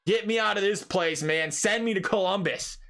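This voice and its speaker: A man playing a sulky star hockey player, griping and pleading in a slightly raised voice. The complaint comes in a quick, casual aside, nearly the man's own talking voice. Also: sits high, sharp tone, voice pushed up.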